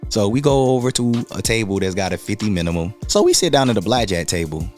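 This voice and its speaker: Guy from north carolina telling a story, kinda low voice, slangy, soft music behind. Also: quick pace. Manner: animated, slangy, acts out other people's lines. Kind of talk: casual storytelling vlog.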